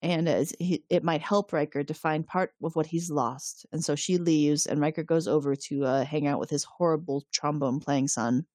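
A woman's voice: low voice, normal speed, few pauses, no room sound, studio quality. Woman casually recapping an episode. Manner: animated retelling, acting out characters' lines. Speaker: podcast host recapping an episode. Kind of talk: casual chat.

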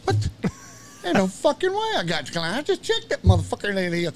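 Middle-aged man, loud, swearing yarn-spinner, pitch swings all over, slight hiss behind. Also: fast talker. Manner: animated, swearing, laughing storyteller. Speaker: podcast guest. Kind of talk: profane storytelling chat.

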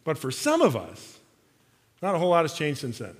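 A man preaching a sermon as pastor, swinging between loud emphatic lines and soft, slow, hushed passages. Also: a little high, huge pitch swings, in a large hall.

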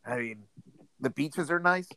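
A man's voice: medium pitch, expressive, measured pace, vocal fry, bright, forceful tone, dry recording. A man chatting casually on a podcast, joking dryly about himself. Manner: dry, self-deprecating humor. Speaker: podcast co-host. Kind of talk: casual chat.

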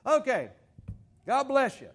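A man preaching a sermon to a congregation in a folksy, animated way, joking asides and quoted scripture. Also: extremely high pitch, takes it slowly. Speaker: pastor.

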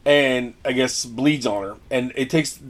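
A man's voice: mid-range voice, a little slow. Man, podcast co-host, casual movie recap, rambling, lots of ums. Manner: rambling, filler-heavy retelling.

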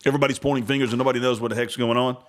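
A man's voice: medium pitch, level tone, very fast. A man hosting his own podcast, rambling through casual political commentary with a sarcastic, self-interrupting manner. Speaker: podcast host.

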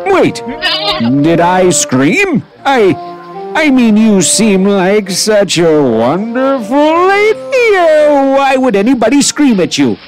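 A man voicing a good-natured, eager old man in an animated storybook, with faint music playing behind him. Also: sits high, slow pace, exaggerated voice, low-quality recording. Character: cheerful, naive old man trading animals.

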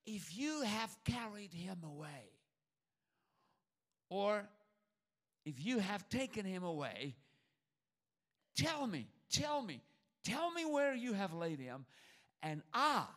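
A man's voice: sits high, fairly bright tone, full character voice. A man preaching in the voice of a grieving woman who keeps pleading to be allowed to carry the body. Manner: pleading, repetitive, breathless insistence.

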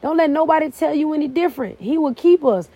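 A woman's voice: sits high, quick pace, warm tone, lo-fi sound. A middle-aged woman hosting a faith-based podcast, preaching in a fervent, casual way. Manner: preachy, fervent and casual, with plain church phrasing. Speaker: podcast host.

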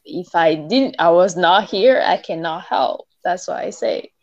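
A woman's voice: lowish voice, lively intonation, a little slow, creaky. A young woman, a student, answering interview questions in a plain, direct and firm way. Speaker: guest, a student. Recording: dull lo-fi sound.

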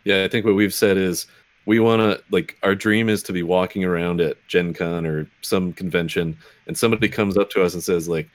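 A man with a very deep voice co-hosts a casual podcast, talking in a relaxed, self-deprecating way. The sound is dry and close, with no room echo. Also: brisk. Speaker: podcast co-host.

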